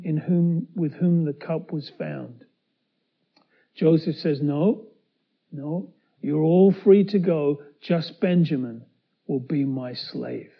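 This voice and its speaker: Man, high voice, preacher, dramatic storytelling sermon, slightly muffled audio. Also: slow, gravelly, breathy edge. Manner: dramatic, voicing the characters with swings from loud to hushed. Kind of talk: sermon retelling a scripture story.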